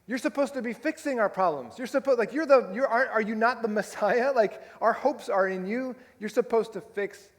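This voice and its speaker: A man's voice: extremely high pitch, normal speed, few pauses, in a large hall, voice pushed up. A preacher voicing an indignant man from the crowd who fires off exasperated, accusing questions.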